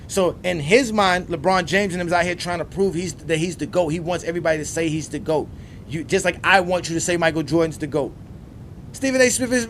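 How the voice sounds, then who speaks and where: A man hosting a sports debate show, ranting emphatically and repeating himself, swinging from loud outbursts to low muttering. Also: slight background noise. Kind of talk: ranting commentary.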